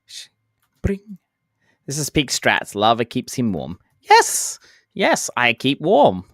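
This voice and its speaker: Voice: mid-range voice, very animated, slow pace, no room sound, studio quality. A game streamer chatting casually while playing, answering chat, counting down jumps and making playful sound effects.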